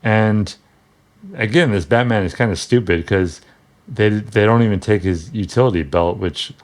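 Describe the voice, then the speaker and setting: A man's voice: fairly low pitch, moderate pace. A man casually talking through an old comic book, rambling and wry, with frequent restarts and asides.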